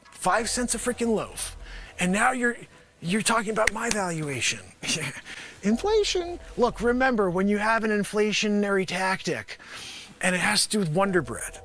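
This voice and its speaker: Animated high-pitched comedian man. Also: vocal fry. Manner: rambling, animated, talks to imagined panel, bursts into shouting. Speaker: host of a live improv music and comedy show. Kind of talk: improvised comedy monologue as a pitchman.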